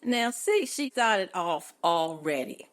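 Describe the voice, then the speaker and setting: A woman in her eighties with a low voice chats easily as a podcast guest. She laughs often as she talks and drops in churchy phrases. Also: very animated, slow pace. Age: 80s. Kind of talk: casual chat.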